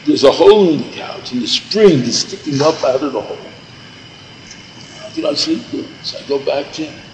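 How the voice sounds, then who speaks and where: A man's voice: a little high, animated, normal speed, a little hiss or hum, rough recording. An older man telling a meandering personal story, repeating himself and dropping in Yiddish and Hebrew words. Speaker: storyteller recalling yeshiva days.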